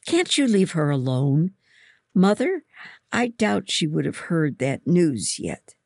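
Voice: medium pitch, very animated, takes it slowly, vocal fry, darkish tone, dry recording, clean studio sound, voice pushed up, full character voice. A reader voicing a kind teenage schoolgirl who pleads for another. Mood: pleading. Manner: pleading, defending.

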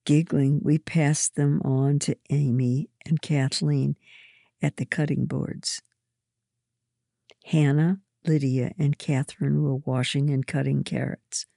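A woman reads a first-person storybook in a low, husky voice with a gravelly edge. She takes her time, calm and measured. The sound is dark and dry, close to the mic. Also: no echo.

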